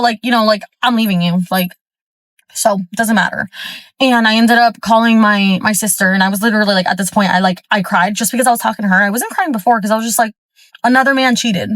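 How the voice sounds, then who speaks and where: A woman from Florida with a fairly high voice tells a story in a chatty, fired-up way, stuffing every sentence with fillers. She is recorded at a gym, and the sound is close and dry with no room echo. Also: fairly bright tone. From Florida, USA. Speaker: storyteller vlogger. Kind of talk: casual storytime monologue.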